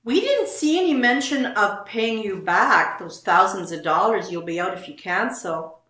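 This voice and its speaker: A woman's voice: mid-range voice, lively intonation, normal speed, pushed and bright, reverberant. A woman co-hosting a casual show, reading online posts aloud and commenting on them.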